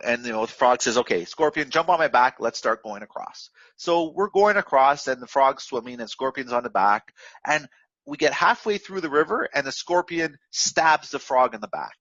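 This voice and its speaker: A man's voice: medium pitch, moderate pace, a bit bright, no echo, highs cut off. A man giving an unscripted, direct coaching talk on trading discipline, full of fillers and restarts. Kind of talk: unscripted motivational lesson.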